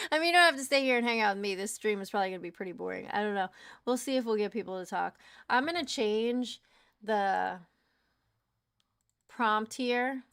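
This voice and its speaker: Young woman on a morning livestream, tired, gravelly voice, laughs and swears a lot. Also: medium pitch, fairly bright tone, no echo, studio quality. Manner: chatty, laughing, swears casually. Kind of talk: casual livestream chat.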